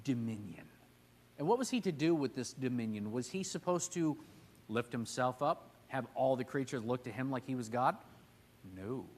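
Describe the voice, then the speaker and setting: At a moderate pace and medium pitch, a man teaches a laid-back Sunday Bible class inside a church classroom. He jokes with the room, keeps a conversation going, and asks the class questions.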